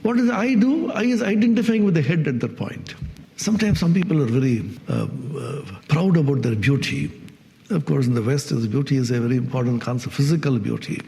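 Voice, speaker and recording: A man's voice: fairly high pitch, lively intonation, brisk, creaky, warm tone, in a large hall. A swami giving a spiritual discourse on Vedanta to an audience. He asks his listeners questions and acts out everyday speech.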